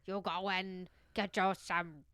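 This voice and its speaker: A woman's voice: fairly low pitch, flat delivery, a bit bright, clear, resonant tone, dry recording, studio quality. A defiant Irish cook, as a woman puts on a clumsy accent. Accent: Irish (attempted). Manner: clumsy put-on accent, slow and stern.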